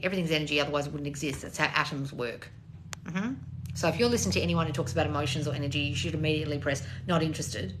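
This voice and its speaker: Sweary sarcastic woman answering her live chat, low-ish voice, sharp bright tone. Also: a little hiss or hum. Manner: blunt, sarcastic, swears freely. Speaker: manifestation coach.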